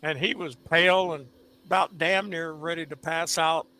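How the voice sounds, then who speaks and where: A man telling a long injury story in casual live-stream chat, in a slow, drawn-out way. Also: fairly high pitch, fairly even intonation, bright, forceful tone.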